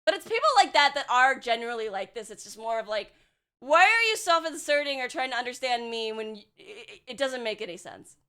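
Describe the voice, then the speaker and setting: A woman's voice: on the high side, expressive, fairly quick, pushed and bright, clean tone. A young woman streaming as a VTuber, chatting casually and bluntly with her chat, swearing and sarcastic, full of filler words.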